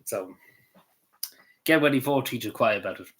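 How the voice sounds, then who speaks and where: Rambling Irish man, bright voice. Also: mid-range voice, moderate pace, slight background noise. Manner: meandering, swears casually, lots of fillers. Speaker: vlogger. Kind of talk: casual rambling commentary.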